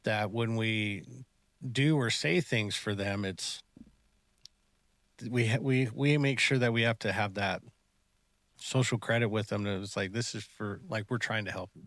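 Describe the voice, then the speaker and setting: Earnest low-voiced man giving life advice. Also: a little slow, no room sound. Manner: earnest, advice-giving, trailing into quiet asides. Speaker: podcast co-host, martial arts instructor. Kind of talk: casual podcast chat.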